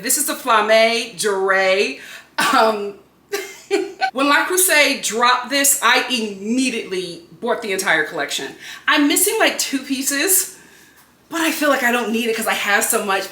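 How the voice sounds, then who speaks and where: A woman from Philadelphia chatting to the camera in her home kitchen, excitable and chatty, laughing often. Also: a little high, unhurried. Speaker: home lifestyle vlogger. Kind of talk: casual chat to camera. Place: home kitchen under studio lights. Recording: echoey room.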